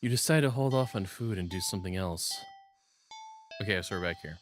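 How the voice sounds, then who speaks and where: A man's voice: sits low, a little fast, music in the background. A man playing a text game, reading its narration aloud and breaking off into giggly, self-deprecating asides. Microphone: studio shotgun mic on a boom arm.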